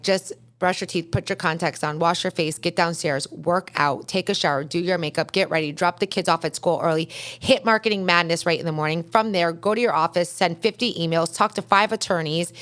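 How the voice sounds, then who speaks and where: A woman's voice: lowish voice, fairly bright tone. A woman hosting a podcast, talking candidly and bluntly about her own life in a motivational monologue. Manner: candid, blunt, uses profanity. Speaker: podcast host. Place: podcast studio.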